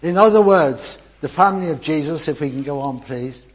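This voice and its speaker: An older man, a grandfather, leading a lively children's talk in church and drawing the congregation in. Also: a little high, a little fast, breathy edge, low-quality recording. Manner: chatty and encouraging, with frequent restarts. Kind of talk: informal church talk with audience participation.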